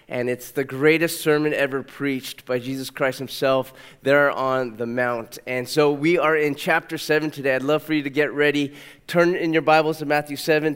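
Man preaching in a reverberant church. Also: smooth. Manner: warm storytelling, puts on a high toddler voice for his daughter. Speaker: pastor. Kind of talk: sermon. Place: church sanctuary. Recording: long reverb of a church hall.

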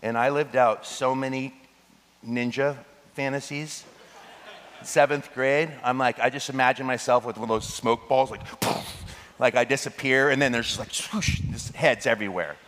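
A man preaches to his congregation, animated and quick to break into jokes and laughter. His voice sits mid-range for a man. The sound carries a long reverb from a large hall. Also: medium pitch, slight background noise. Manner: animated, joking asides with laughter. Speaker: pastor. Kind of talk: sermon.

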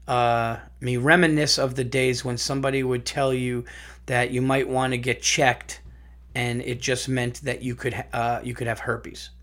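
A man of middle pitch talks through a loose comic monologue, circling his stories and piling on asides. His delivery is animated and chatty, with the odd swear word. He sounds like a comedian unwinding on his own show. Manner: rambling, animated storytelling with profanity. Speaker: podcast host and comedian.

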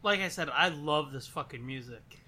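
High bright-voiced joking man. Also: normal speed. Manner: joking, profane, laughs often. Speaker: podcast co-host. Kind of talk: casual movie commentary.

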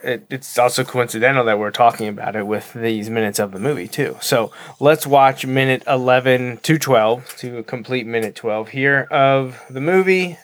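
A man co-hosting a casual podcast. He speaks with careful, deliberate enunciation and a dry, self-deprecating humor. His pitch sits in a middle register. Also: a little hiss or hum. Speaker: podcast co-host. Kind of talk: casual chat.

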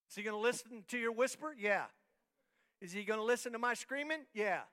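A man pastor preaching a sermon in a church, moving from soft talk to shouted, rhythmic, repeated lines. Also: very high-pitched, brisk. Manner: repetitive, rhythmic emphatic phrasing. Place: church hall, live-streamed service.

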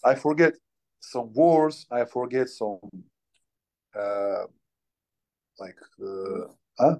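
A man in his twenties, a native Russian speaker, talking in halting, broken English as an interview guest and often pausing to search for words. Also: mid-range voice, lively intonation, warm tone. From Ukraine. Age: 20s. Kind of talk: casual interview.

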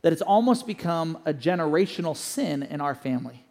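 Gravelly, fervent high-voiced male preacher. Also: animated, brisk, long reverb tail. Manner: swings from loud fervent peaks to quiet low passages. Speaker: pastor. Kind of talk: sermon.

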